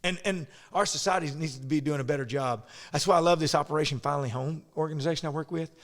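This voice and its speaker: A man's voice: a little high, quick pace, in a large hall. A man hosting a podcast, telling stories in a rambling, casual way with frequent restarts and laughs. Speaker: podcast host. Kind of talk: casual conversation.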